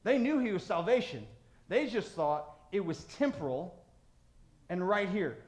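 A man with a very high voice delivers a sermon as pastor. He swings between loud, fervent stretches and low, quiet emphasis. His voice rings in an echoing church room. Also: sing-song, measured pace.

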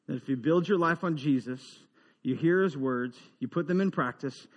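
A man preaching a humorous, conversational sermon, dropping into quiet asides and rising into emphatic build-ups. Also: a little high, normal speed, in a large hall, lo-fi sound. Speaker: pastor.

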